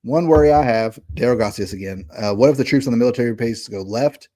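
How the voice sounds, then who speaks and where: A man's voice: medium pitch, fast, mellow. A middle-aged man from Kentucky with a Southern accent, talking casually as a podcast co-host, folksy and earnest with restarts and tag questions. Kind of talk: casual political chat.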